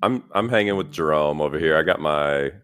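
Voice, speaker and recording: Low-voiced dude chatting his character moves, laughs a lot. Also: brisk, a bit bright, soft background music. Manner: laughs often, casual. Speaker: player. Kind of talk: tabletop role-play chat.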